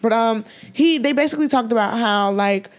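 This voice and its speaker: A woman's voice: fairly high pitch, brisk. A young woman co-hosting a casual chat, frank and emphatic, with slangy asides. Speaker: podcast co-host.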